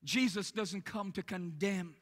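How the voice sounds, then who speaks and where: Very high-voiced male preacher. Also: a little slow. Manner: earnest preaching, frequent "uh" between phrases. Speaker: pastor. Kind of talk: church sermon. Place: church sanctuary during service.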